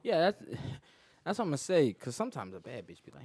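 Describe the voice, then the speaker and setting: A man's voice: a little high, fairly quick, husky. A man hosting a casual comedy podcast, telling profane stories and acting out quotes. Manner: animated, profane storytelling with lots of acted quotes. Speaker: podcast host.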